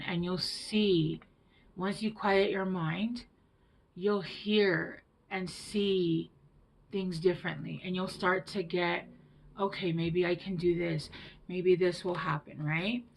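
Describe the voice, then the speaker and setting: A woman giving a tarot reading to her viewers, gentle and reassuring, with hushed whispered asides. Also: fairly low pitch, gravelly, slight background noise, low-quality recording. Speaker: tarot reader.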